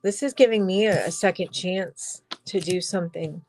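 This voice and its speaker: A woman giving a personal tarot reading, emotional and halting, crying as she talks, with sighs and soft whispered asides. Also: on the low side, soft background music, poor audio. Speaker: tarot reader.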